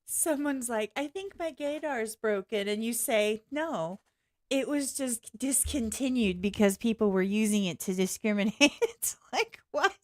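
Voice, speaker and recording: A middle-aged woman hosting a live-stream reaction, blunt and excitable, bursting into laughter often. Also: fairly high pitch, normal speed.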